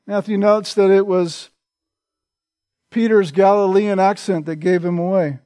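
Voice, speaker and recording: High-voiced preacher, man, dry sound. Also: fairly even intonation, a little slow, mellow, no echo. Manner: conversational, often adds a questioning "right?". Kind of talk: sermon, expository Bible teaching.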